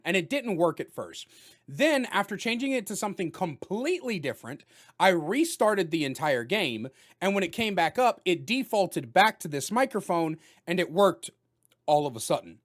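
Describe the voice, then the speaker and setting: Loud, lively man reviewing a game. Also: sits high, moderate pace. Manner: loud, animated and joking. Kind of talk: casual spoken game review.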